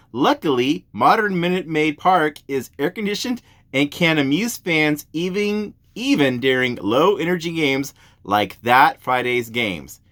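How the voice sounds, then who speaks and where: Man, host, fairly high voice, very lively pitch, giggly, rambling casual review reading. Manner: giggly, breaks into laughter while reading; rambling, wanders onto tangents.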